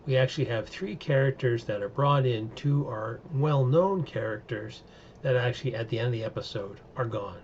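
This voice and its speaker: A man's voice: mid-range voice, normal speed, darkish tone, lo-fi sound, slight background noise. A man giving a casual, opinionated recap and review of TV episodes, rambling with many fillers. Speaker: show reviewer.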